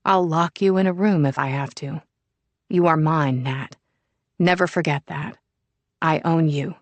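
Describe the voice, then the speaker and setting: A woman narrator voicing a possessive, threatening man in an audiobook, reading his lines slow, low and quiet. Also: little pitch movement, husky, no room sound. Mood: menacing. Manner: slow, low, cold menace. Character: menacing possessive man, obsessive ex. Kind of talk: audiobook character voice.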